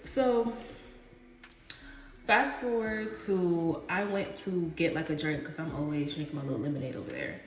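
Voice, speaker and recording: A young woman chatting casually as a vlogger, retelling a story in an animated, slangy way. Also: low voice, normal speed. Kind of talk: casual storytime while getting ready. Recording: roomy echo with faint music.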